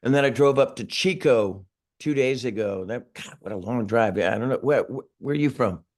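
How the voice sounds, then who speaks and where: A man's voice: medium pitch, normal speed. Rambling man in his sixties on a video call. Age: 60s. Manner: rambling, chuckling, with frequent restarts. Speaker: singer being interviewed. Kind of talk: casual interview chat.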